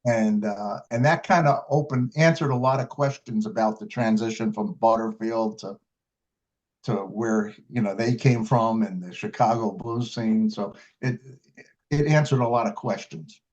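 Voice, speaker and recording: A man's voice: lowish voice, normal speed, a little mellow. An older man who plays blues harmonica, recalling his early years in a casual interview, rambling through stories with frequent restarts and fillers. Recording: dull lo-fi recording.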